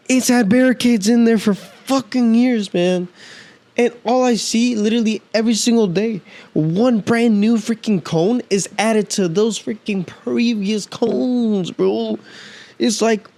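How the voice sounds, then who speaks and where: Man, podcast host, casual rant, heated and profane, slangy, slightly high voice, dry close sound. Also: a little slow, a little mellow, no echo. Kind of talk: casual ranting monologue.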